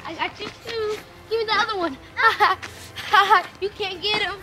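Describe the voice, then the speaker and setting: A woman's voice: on the high side, lively intonation, moderate pace, music in the background. A young woman acting as a mean, mocking girl bully in a playground skit, taunting and whiny. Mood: gleeful. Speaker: actor in a family skit. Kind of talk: improvised home video skit. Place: outdoor playground.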